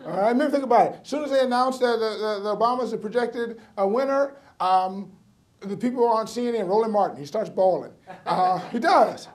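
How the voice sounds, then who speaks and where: Onstage doing stand-up, a middle-aged man recounts a personal story with sharp timing and wry, punchy asides. His voice sits high, and he speaks fairly quickly.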